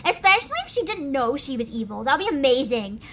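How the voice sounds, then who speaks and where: A young woman streaming a game, reading its text aloud and gushing excitedly between lines with frequent giggles. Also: sits high, fast, a little hiss or hum. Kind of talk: game livestream, reading and reacting.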